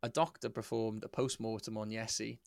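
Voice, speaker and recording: A man's voice: fairly low pitch, little pitch movement, fairly quick, gravelly, dry recording. Young man, podcast co-host, sweary and casual, dry close sound. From Wales. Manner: sweary, storytelling, laughs often. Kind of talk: casual chat.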